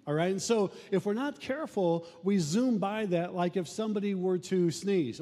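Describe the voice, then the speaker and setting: A man's voice: sits high, normal speed, mellow. A male pastor preaching a sermon in an emphatic, repetitive preaching cadence. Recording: reverberant room sound.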